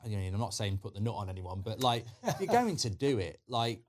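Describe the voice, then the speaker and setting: A man's voice: lowish voice, big pitch swings, a little fast. A man co-hosting a football chat, joking and laid-back.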